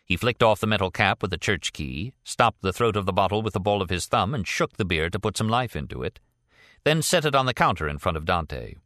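A man with a deep voice reads a novel aloud, letting his pitch rise and fall widely as he tells it. The sound is close and completely dry, with no room around it. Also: expressive, fairly quick, fairly bright tone, no room sound. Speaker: audiobook narrator. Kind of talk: scripted narration.

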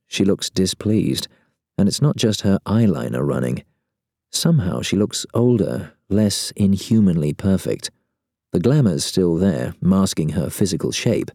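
A man narrating a first-person story in a wry, deadpan way. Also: deep voice, slightly rough, dry recording, clean studio sound.

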